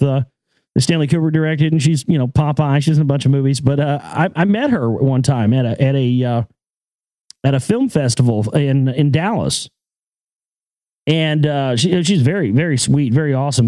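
High-voiced man, crude and emphatic. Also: a little mellow, no echo. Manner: emphatic, profane, repeats words. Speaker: podcast host and filmmaker. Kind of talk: casual monologue.

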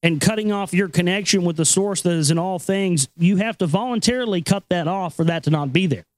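A male talk show host reads the news and riffs on it in a loose, profane, rambling way. His voice sits fairly high for a man. The sound is close and dry, with no room echo. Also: fairly quick. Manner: profane, rambling, laughs often. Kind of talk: casual talk and news reading.

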